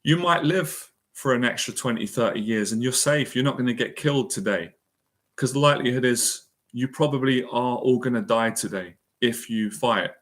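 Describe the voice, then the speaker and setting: A man's voice: mid-range voice, normal speed, a bit bright. A man delivers a heartfelt motivational monologue about facing fear. He speaks with earnest emotion, repeating phrases for emphasis as he coaches his listeners. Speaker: anxiety and confidence mentor.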